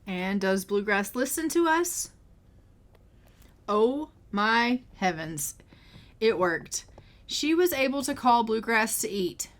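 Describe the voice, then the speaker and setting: A woman's voice: a little high, expressive, takes it slowly, pauses often. A woman narrating her life-simulation game as a story, describing what her characters do in a chatty, easygoing play-by-play. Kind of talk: storytelling gameplay commentary.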